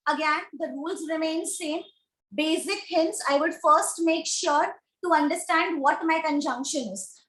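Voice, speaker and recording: A woman with an Indian English accent teaching grammar in an online class, speaking slowly and deliberately and repeating questions to her students. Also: sits high, sharp tone. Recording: echoey room.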